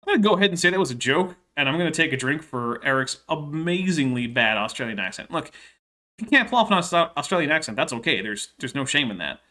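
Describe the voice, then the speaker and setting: A man cuts into a clip with sarcastic commentary. His voice is fairly high and sharply bright, and he mocks what he hears with dry, deliberate asides. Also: lively intonation. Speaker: reaction video host.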